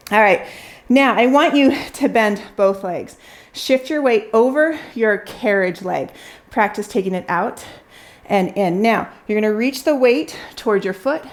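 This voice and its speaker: A woman leading a pilates workout, counting reps and cheering on her class while she exercises along and gets a little out of breath. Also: fairly high pitch. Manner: encouraging counting coach, audibly working out alongside. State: slightly out of breath. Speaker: pilates instructor.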